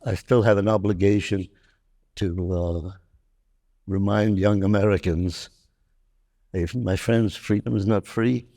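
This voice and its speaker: Veteran man in his nineties, gravelly and warm, halting on-stage storyteller. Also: medium pitch. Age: 90s. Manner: halting, with frequent restarts. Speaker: veteran guest.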